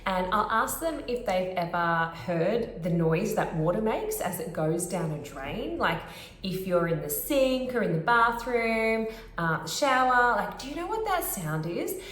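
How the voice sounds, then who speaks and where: A woman speech pathologist, explaining therapy techniques clearly and demonstrating sounds. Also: medium pitch, moderate pace, a bit bright, echoey room. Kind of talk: instructional explanation to camera.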